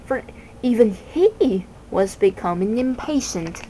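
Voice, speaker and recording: A woman reads a children's novel aloud at an unhurried, deliberate pace, pausing over phrases and now and then restarting a word. Her voice sits at a middle pitch. A faint hiss of background noise lies underneath. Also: warm tone, rough recording. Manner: slow, measured reading with small restarts. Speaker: reader.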